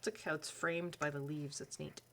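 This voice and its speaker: Chatty woman with a lowish voice. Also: fairly even intonation, moderate pace, noisy background. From Canada. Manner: rambling, self-correcting, with frequent fillers. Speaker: colouring channel host. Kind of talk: chatty book flip-through narration.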